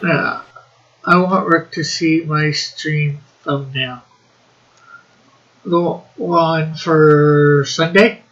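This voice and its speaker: A man's voice: a little high, fairly even intonation, extremely slow, pauses often, a bit bright, dull audio. A man co-hosting a casual live stream, chatting and reading out viewer comments in a drawling way. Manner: reads out chat messages, drawling.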